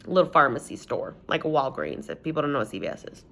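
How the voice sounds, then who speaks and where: A woman's voice: extremely low pitch, very animated, fast, creaky, fairly bright tone. A young woman vlogger telling a personal story in a rambling, casual way, swearing often and saying "like" a lot.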